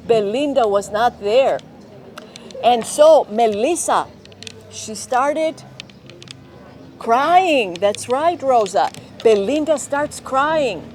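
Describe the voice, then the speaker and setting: Woman, teacher, storytelling to children, very slow, slightly high pitch. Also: expressive, slight background noise. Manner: slow, clear, often checking with children. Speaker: teacher, director of studies. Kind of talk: storytelling to young learners.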